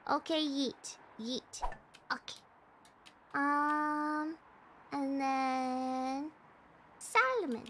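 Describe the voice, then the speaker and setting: High, bright, excitable young woman streamer. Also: slow pace, pauses often, slight background noise. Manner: excitable, repeats herself, frantic bursts. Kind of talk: casual gaming stream commentary.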